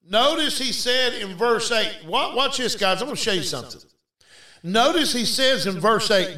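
A male preacher delivers a fervent revival sermon, shouting and exhorting his listeners over and over. His voice is very high and bright. The sound is roomy, as if he stands back from the mic. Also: lively intonation, moderate pace, recorded from a distance. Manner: shouting, exhorting the crowd with repeated calls. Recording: echoey room, voice off-mic.

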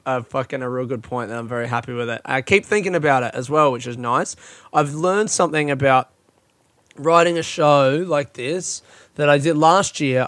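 A man's voice: mid-range voice, a bit bright, no echo. A young Australian man, a comedian, rambling through a casual solo podcast, tired and yawning, swearing often and running himself down, recorded on a phone in a friend's hot house. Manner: rambling, sweary, self-deprecating.

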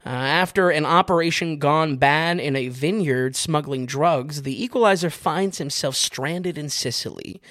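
A man co-hosting a podcast, reviewing films in casual chat, wry and quick to laugh at his own stories. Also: fairly high pitch, a bit bright, no room sound, studio quality. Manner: wry, laughs often while telling stories. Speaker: film reviewer, podcast co-host.

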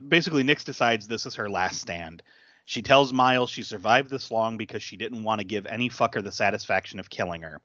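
Animated man recapping a movie. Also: dry recording, lo-fi sound. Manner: animated retelling, jumps up in pitch for quoted characters, laughs often. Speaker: podcast co-host.

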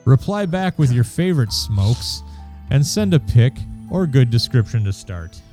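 A man's voice: mid-range voice, big pitch swings, a little slow, warm tone, soft background music. A man hosting a podcast, reading personal ads aloud in a wry, crude way and laughing along. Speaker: podcast host.

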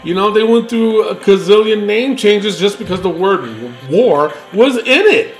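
Rambling, animated podcast host, high-voiced, swears a lot. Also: male voice, measured pace, faint music behind. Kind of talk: casual wrestling chat.

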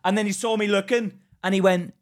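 A man co-hosting a podcast, telling rants in an animated, profane way in casual chat. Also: sits high, fairly quick. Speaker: podcast co-host.

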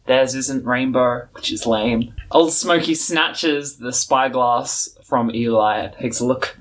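A woman's voice: very deep voice, slow pace. A woman narrating a tabletop game as game master, playful and casual.

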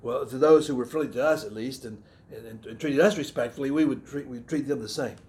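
Delivering a sermon at a brisk pace, this middle-aged Southern American preacher has a medium-pitched, darkish voice. He's earnest and reflective, frequently clearing his throat and starting phrases over.

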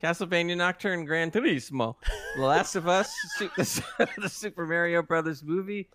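A man's voice: on the high side, moderate pace. A man co-hosting a casual gaming podcast, reading out award nominees with chatty asides. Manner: animated, reads lists with asides.

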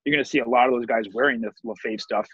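A man's voice: medium pitch, steady tone, racing, a bit bright, breathy edge, no room sound. A man hosting a casual podcast, reading viewer questions in an easygoing, joking way. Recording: dull lo-fi dry sound.

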